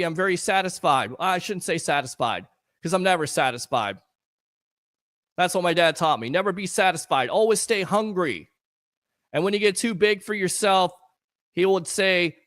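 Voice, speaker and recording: High-voiced earnest sports talk host. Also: male voice, a bit bright, no room sound, clean studio sound. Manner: earnest, emotional, rambling; promotional, hyping the audience. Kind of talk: live sports talk stream.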